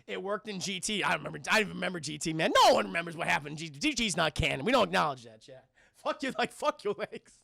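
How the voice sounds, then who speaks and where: A high-pitched man with a gravelly edge, bright and forceful, swearing constantly as he recounts a movie to his livestream chat. He jumps into shrill character voices mid-sentence. The sound is close and dry. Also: very fast, no room sound. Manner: profane, animated retelling, often addressing chat, acting out characters in high voices. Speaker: streamer reviewing a film.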